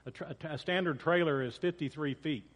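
A man's voice: a little high, a little fast. A man preaching as a pastor, reading scripture in a casual way and often repeating and correcting himself. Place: church sanctuary. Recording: long church reverb.

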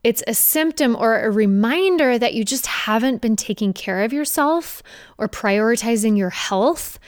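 A young woman fitness coach talking straight to her viewers in an energetic, conversational way, with playful mocking asides. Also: on the high side, normal speed, dry recording, clean studio sound. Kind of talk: direct-to-camera coaching talk.

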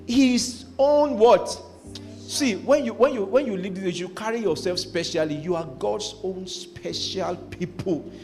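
A man's voice: high voice, moderate pace, creaky, hardly any pauses, faint music behind. A man preaching a sermon as pastor, repeating phrases and asking the congregation to finish his sentences.

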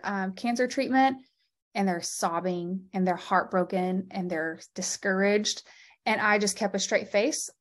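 Earnest woman clinician in a candid interview. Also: mid-range voice. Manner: earnest and heartfelt, quick bursts of speech. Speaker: interview guest, podcast founder and lymphedema clinician.

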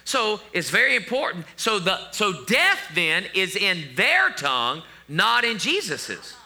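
A middle-aged male pastor delivers his sermon with a high, very bright voice. His pitch moves around freely, and he keeps it conversational with joking asides to the congregation. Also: big pitch swings, a little slow.

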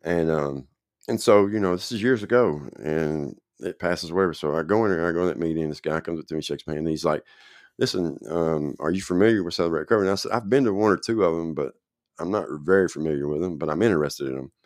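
A man's voice: deep voice, fast, darkish tone, no echo, clean studio sound. A man telling his own recovery story in a casual, rambling way, often checking in with the listener.

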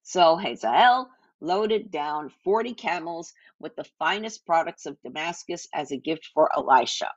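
A woman's voice: low-pitched, animated, measured pace, hardly any pauses, no room sound, muffled recording. A woman reading and teaching a Bible passage in an earnest devotional style. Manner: earnest, reads scripture aloud with small slips.

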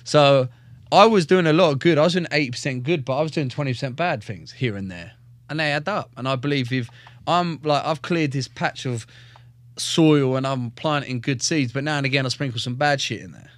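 A man's voice: medium pitch, brisk, dry recording. A young man, a fighter, telling his life story on a podcast in casual, swear-filled talk. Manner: heavy swearing, animated, acts out quotes. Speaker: guest, fighter.

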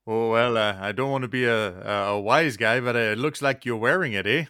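A man's voice: mid-range voice, a little fast, pushed and bright, clear, resonant tone, no echo, studio quality, lightly acted. A man improvising an easygoing lumberjack in a mock Canadian accent, ending lines with "eh". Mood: folksy. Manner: drawling, tags lines with "eh". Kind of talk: improv comedy scene.

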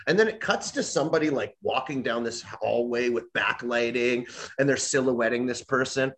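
A man's voice: mid-range voice, moderate pace, fairly bright tone. A young man ranting animatedly in a casual chat, often mimicking voices when he quotes people.

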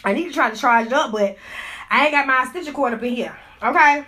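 Very high-pitched woman ranting on a phone. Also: fast, sharp tone, a little hiss or hum. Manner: profane, fired-up ranting, laughs often. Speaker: livestream host. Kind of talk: casual gossip livestream. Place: indoors.

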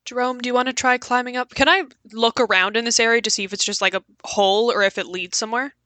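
A woman with a bright, forceful voice, recorded close and dry. She takes part in a casual tabletop game, asking questions and working out her plans aloud. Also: on the high side, steady tone, quick pace, dry recording. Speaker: player.

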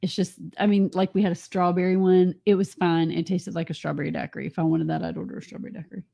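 A woman's voice: on the low side, little pitch movement, fast, gravelly, dark tone. A woman co-hosting a podcast, chatting frankly and teasing her co-host. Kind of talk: casual chat.

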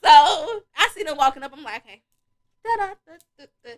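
A woman's voice: high-pitched, a little fast. A young woman hosting a podcast, telling a wild story in casual, profane chat and acting out the other people's lines. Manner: animated, profane, acts out voices and beats, laughs often. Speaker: podcast host.

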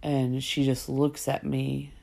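Low gravelly woman telling a story. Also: flat delivery, takes it slowly, dark tone. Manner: chatty, rambling, full of "like" and "um" fillers. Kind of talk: casual personal storytelling.

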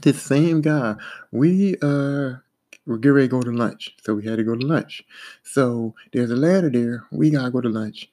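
Animated storytelling man, mellow voice. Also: medium pitch, moderate pace. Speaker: podcast host telling work stories. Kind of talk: casual spoken anecdote.

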